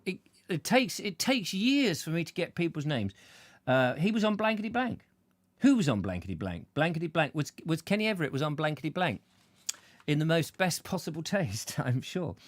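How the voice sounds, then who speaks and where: A man's voice: fairly high pitch, animated, normal speed, no echo. A man hosting a chatty show, rambling playfully and tripping over names as he reads out comments. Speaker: show host. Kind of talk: chatty live-stream banter.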